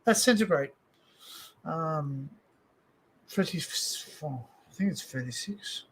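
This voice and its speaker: A man's voice: on the high side, lively intonation, takes it slowly, slight background noise. A man with an Australian accent hosting a casual home livestream, rambling with lots of fillers and restarts. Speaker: livestream host. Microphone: desk microphone.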